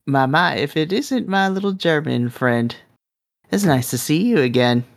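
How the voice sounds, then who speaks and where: A man's voice: on the high side, animated, a little slow, vocal fry. A man doing a sultry flirtatious nightclub woman. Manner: sultry, affectionate, calls others darling and love. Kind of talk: tabletop role-play acting.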